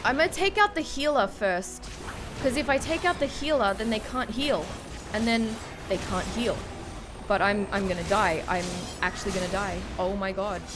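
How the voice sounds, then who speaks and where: Game music plays clearly behind a woman with a medium-pitched voice as she comments on her game live at a normal speed. Tipsy, she curses, talks under her breath to herself and to chat, and every so often shrieks in panic.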